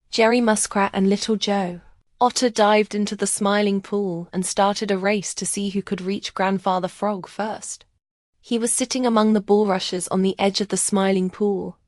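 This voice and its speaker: A woman's voice: medium pitch, dry recording. Woman reading a storybook, dry sound. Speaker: narrator. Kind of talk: scripted storybook narration.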